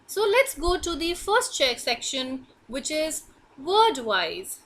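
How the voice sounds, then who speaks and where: A woman teacher giving an online English class for young children, reading and explaining in a slow, clear, sing-song way. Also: high-pitched, very animated, a bit bright.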